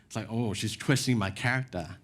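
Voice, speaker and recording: A male pastor giving a sermon in a church, telling stories in a relaxed, self-mocking way. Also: fairly low pitch, a little fast. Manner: casual storytelling with self-deprecating asides.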